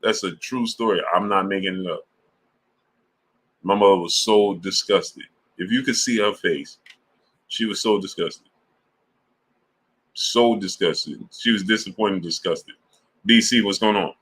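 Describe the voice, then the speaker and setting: Deep-voiced man telling a story on stream. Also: unhurried, pauses often. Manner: animated storytelling full of slang, laughs often. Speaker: sports channel host. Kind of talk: livestream chat with super chat shoutouts.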